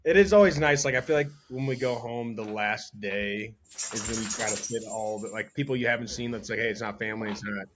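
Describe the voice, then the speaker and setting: A man's voice: fairly low pitch, fairly quick, a bit bright, a little hiss or hum. Man, podcast co-host, casual banter, teasing, laughs easily.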